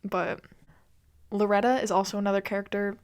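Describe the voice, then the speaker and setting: Female podcast host, solo game rant, incredulous and exasperated, quick laughs, loose swearing. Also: medium pitch, fairly even intonation, a little mellow. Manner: casual swearing.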